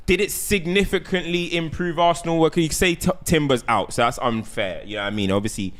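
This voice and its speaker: Rapid, slightly high man analysing football. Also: a bit bright. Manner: builds points through repeated phrases and restarts. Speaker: football podcast panelist. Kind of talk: casual chat.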